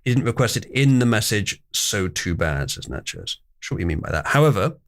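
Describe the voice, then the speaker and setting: A man's voice: lowish voice, big pitch swings, fairly quick, fairly bright tone. A young man hosting a live stream, wryly reading memes and chat messages aloud with theatrical emphasis. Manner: wry, mock-outraged, reads memes aloud with theatrical emphasis. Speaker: livestream host.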